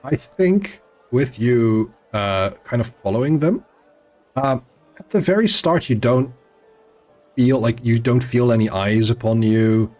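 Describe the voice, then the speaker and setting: A man narrating a tabletop game as game master, halting and full of restarts. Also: mid-range voice, darkish tone, soft background music.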